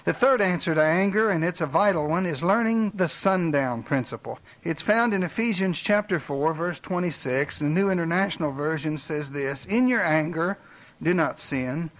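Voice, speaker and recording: Man, pastor, sermon, earnest, direct personal appeals, somewhat high voice. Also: animated, moderate pace, fairly bright tone, rough recording. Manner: earnest preaching with dramatic drops in volume.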